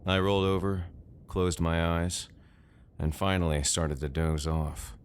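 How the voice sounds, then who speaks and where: A man narrating a first-person horror story in a measured, deadpan way. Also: low-pitched, slight background noise.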